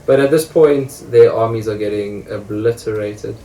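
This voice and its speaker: A man's voice: fairly low pitch, moderate pace, warm tone, distant mic. Laughing man commentating a game, echoey. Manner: amused, laughing often. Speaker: gameplay commentator.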